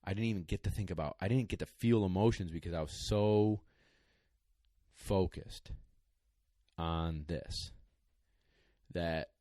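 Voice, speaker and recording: Very low-voiced man telling an emotional story. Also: a little slow, long pauses, warm tone, no echo, clean studio sound. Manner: emotional, rambling, choked up at times. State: tearing up. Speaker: podcast co-host, dog trainer. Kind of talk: casual storytelling chat.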